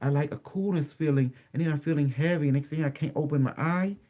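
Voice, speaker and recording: Halting man telling his story, English. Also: a little high, dark tone. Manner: halting, repetitive storytelling with many restarts. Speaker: interview guest. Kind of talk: recounting a personal experience in an interview.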